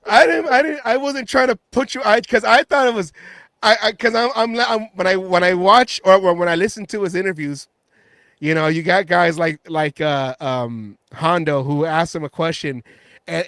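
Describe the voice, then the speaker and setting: A man in his forties with a high voice, talking sports with a friend in loose, giggly chat. The sound is dry and close, with no room around it. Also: moderate pace, a bit bright, no room sound. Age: 40s. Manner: giggly, stumbles over words. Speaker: podcast host.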